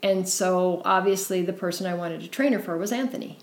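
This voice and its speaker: A middle-aged woman with a slightly low voice tells her story earnestly in an interview, filling pauses with "um" and "and". She sounds like she is in an echoey room. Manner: earnest, warm storytelling with frequent fillers. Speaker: guest, founder of a service dog foundation.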